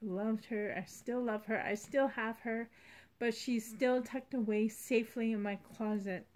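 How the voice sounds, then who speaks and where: A woman's voice: a little high, steady tone, unhurried. A woman vlogging about her doll collection in a rambling, heartfelt way. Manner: rambling, heartfelt, soft-spoken. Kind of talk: casual vlog chat.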